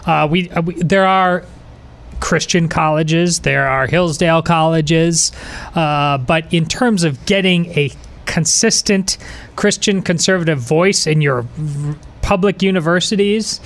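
A man co-hosting a podcast, speaking haltingly with many restarts and fillers. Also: fairly high pitch, vocal fry, a bit bright. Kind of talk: casual podcast talk.

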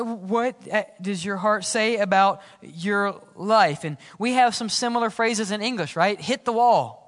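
A man preaching a sermon as pastor, swinging from loud exclamations to hushed, quiet lines. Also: high voice, measured pace, few pauses. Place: church sanctuary. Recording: church hall reverb.

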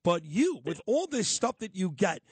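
A man's voice: high-pitched, sing-song, normal speed, breathy edge, no echo. A man hosting a radio talk show in a casual, emphatic, chatty way. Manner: chatty, emphatic, talks about his own life. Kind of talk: casual interview chat.

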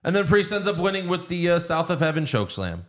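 A man hosting a podcast, recapping events in casual chat with an animated storytelling manner. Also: high voice, fast. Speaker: podcast host recapping wrestling.

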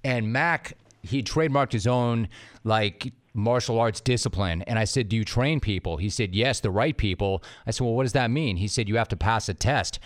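A man's voice: on the low side, normal speed, no room sound, studio quality. A man from the San Fernando Valley hosting a casual interview podcast, telling self-deprecating stories with enthusiasm. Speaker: podcast host.

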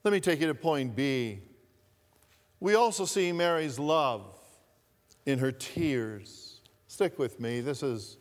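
Guy pastor preaching slow n careful, bit high voice, church echo. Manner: slow, deliberate preaching with repeated phrases. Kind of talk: sermon. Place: church sanctuary.

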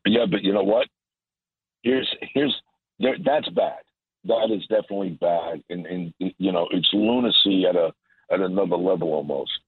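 A man's voice: deep voice, moderate pace, slightly rough, no room sound. A man giving emphatic, repetitive political commentary over a phone line. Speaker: guest commentator. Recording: tinny dry phone line.

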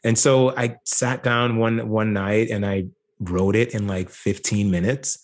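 Jamaican-born guy, actor on a podcast, lowish voice, laid back and thoughtful, lots of "like"s. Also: steady tone, measured pace. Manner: reflective, easygoing, with frequent "like" and "you know". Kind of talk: casual interview conversation.

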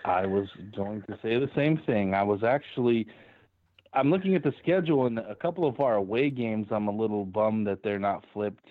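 A man's voice: on the low side, moderate pace, no room sound. A man co-hosting a podcast in casual chat, laughing through his stories. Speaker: podcast co-host. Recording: tinny phone-like line.

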